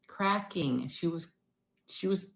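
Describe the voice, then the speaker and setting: A middle-aged woman talking candidly in a personal video diary, rambling and moving between loud bursts and near-whispers. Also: fairly low pitch, slow, vocal fry. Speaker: vlogger.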